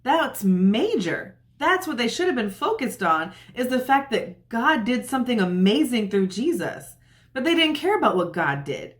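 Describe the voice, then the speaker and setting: A woman's voice: a little high, big pitch swings, normal speed. A woman retelling a Bible story in a chatty, casual way, often saying "like" and acting out what the characters say. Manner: chatty, uses "like" often, acts out quotes. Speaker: Bible teacher.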